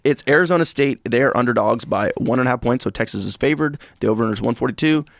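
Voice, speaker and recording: A man co-hosting a casual sports podcast, jokey and quick to go off on rants. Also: medium pitch, gravelly, no room sound, studio quality. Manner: animated, jokey, prone to rants. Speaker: podcast co-host. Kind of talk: casual sports betting chat.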